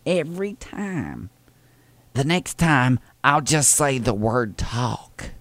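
A chatty older southern lady rambles on a prank call, as a man puts her on. She drawls slowly in a gravelly voice that swoops up and down. Her Southern accent is thick and folksy. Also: mid-range voice, sing-song, a bit bright, no room sound, exaggerated voice. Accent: American Southern.

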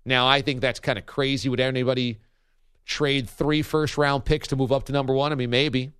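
A man's voice: medium pitch, little pitch movement, fairly quick, a bit bright, clean tone, no room sound, clean studio sound. A man hosting a morning sports radio show, giving his take with a wry, easygoing manner. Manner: wry, reads listener tweets aloud with a chuckle.

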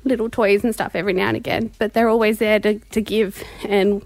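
A woman's voice: mid-range voice, flat delivery, fairly quick, darkish tone, dry recording. A woman from South Australia, giggly and modest, chatting emotionally on the radio as a contest winner.

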